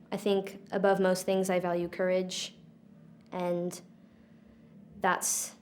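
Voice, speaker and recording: A woman in her twenties from Alabama, an acting graduate, introducing herself in an earnest, reflective way. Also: medium pitch. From United States (Alabama). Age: 20s. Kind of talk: self-introduction to camera.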